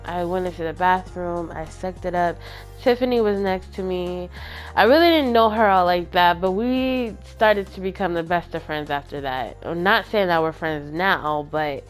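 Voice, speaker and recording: A woman hosting her own channel, candidly retelling a personal story in an animated, casual way with slang. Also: lowish voice. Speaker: channel host.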